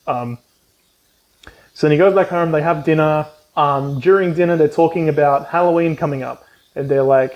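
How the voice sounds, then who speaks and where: A book reviewer casually recaps a book, rambling with many ums and curses while acting out the characters' lines. His voice sits on the high side at a moderate pace, and the recording is muffled.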